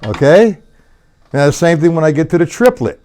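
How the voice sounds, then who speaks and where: A man's voice: on the high side, lively intonation, a little fast, background noise. A man teaching a drum lesson on a live stream, counting beats aloud as he plays and talking loosely to his viewers. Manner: loose, swears at own mistakes. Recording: faint drum kit in the room. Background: drums.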